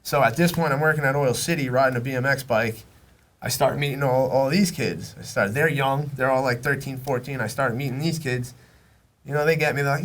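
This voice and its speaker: His voice is mid-range and fairly bright, delivered at a normal speed. A young Long Island, New York native appearing as a podcast guest, he spins long, rambling, casual stories full of slang and profanity, frequently performing his friends' quoted lines.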